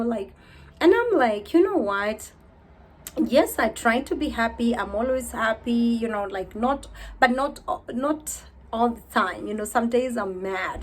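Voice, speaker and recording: Earnest, weary woman vlogger. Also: on the high side. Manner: earnest, heartfelt, repeats herself, prayerful. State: weary and low. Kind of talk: casual talk to camera.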